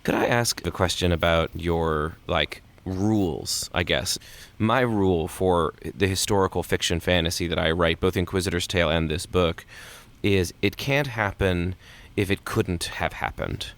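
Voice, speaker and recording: Author guest, male, very deep voice, lively and emphatic delivery. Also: measured pace. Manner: animated, emphatic pitch jumps. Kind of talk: casual podcast interview.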